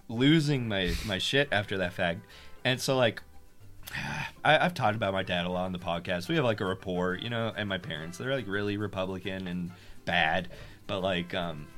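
Heated, swearing young man telling a story. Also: fairly low pitch. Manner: animated storytelling, swears a lot, gets loud and heated. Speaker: podcast co-host. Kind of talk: casual chat.

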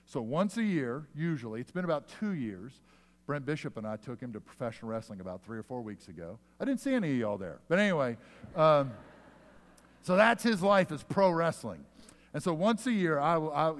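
A pastor preaching in a church hall with a long, ringing reverb. His voice sits at an ordinary middle pitch for a man. He tells his story with animated climbs in loudness, then sinks to soft, slow words. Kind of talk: sermon with storytelling. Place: church sanctuary.

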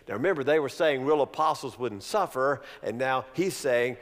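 A man's voice: mid-range voice, normal speed, few pauses. A man preaching a sermon, asking his congregation questions and mixing in jokes. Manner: animated, humorous preaching with rhetorical questions. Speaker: pastor. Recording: long reverb of a large hall.

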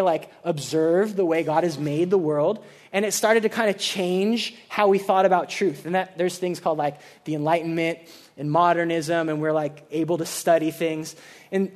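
A man giving a casual sermon, explaining ideas to students in a chatty way full of fillers and restarts. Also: sits high. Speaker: preacher.

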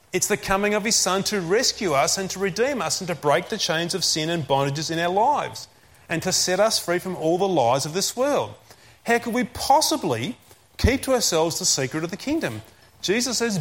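A man preaching a sermon, repeating key phrases and slowing down to stress commands. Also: sits high, very animated, a bit bright.

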